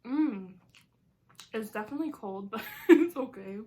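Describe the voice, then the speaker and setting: A woman's voice: fairly high pitch, animated, normal speed, warm tone. A woman in her twenties talking casually while eating in a mukbang vlog, chatty and filling her talk with "like". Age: 20s. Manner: chatty, says "like" a lot, giggly asides. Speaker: vlogger.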